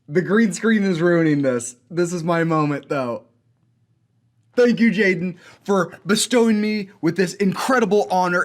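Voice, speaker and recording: A young man hosting a coding school showcase, energetic and enthusiastic as he plays student games and pokes fun at himself. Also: high-pitched. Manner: energetic, enthusiastic, self-mocking. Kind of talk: upbeat video showcase, playing student games. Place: indoor studio with green screen.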